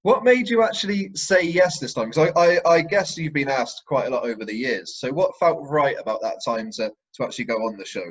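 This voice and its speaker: A man's voice: medium pitch, lively intonation, a little fast, few pauses, breathy edge, dull audio. A man hosting an interview, asking eagerly and thanking his guest with stumbling restarts. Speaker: host.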